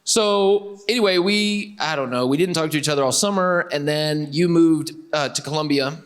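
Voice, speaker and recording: A man's voice: a little high, normal speed, clear, resonant tone. A young man telling his dating story to students in a playful, joking way, acting out his own lines. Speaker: youth speaker.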